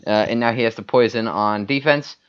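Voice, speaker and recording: Low, smooth-voiced man rambling over gameplay. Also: a little fast, a bit bright, dull audio. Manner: rambling, many fillers and restarts. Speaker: gaming YouTuber. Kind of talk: casual gameplay commentary.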